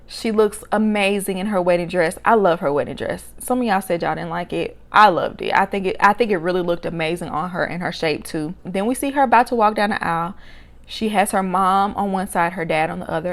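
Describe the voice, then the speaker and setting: A woman giving a casual, opinionated recap of a reality show, expressive and sassy, jumping up high in pitch when she exclaims.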